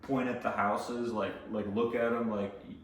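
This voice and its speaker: A man's voice: lowish voice, level tone, normal speed, a little hiss or hum. A man giving casual sales training, rambling with many fillers and restarts. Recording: echoey room, voice from a distance.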